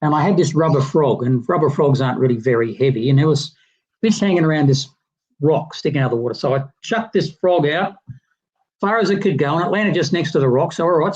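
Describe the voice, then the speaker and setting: A man's voice: fairly high pitch, a little fast. Rambling man on a muffled call. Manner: rambling, animated anecdote teller with many restarts. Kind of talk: casual storytelling on a livestream chat.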